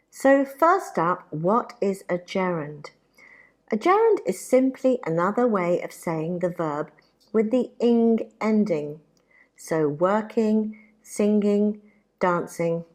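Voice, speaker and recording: A woman with a British accent teaching an English grammar lesson, speaking deliberately and spelling out examples. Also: mid-range voice. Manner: deliberate, carefully spoken examples. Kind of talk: slow, clear grammar lesson.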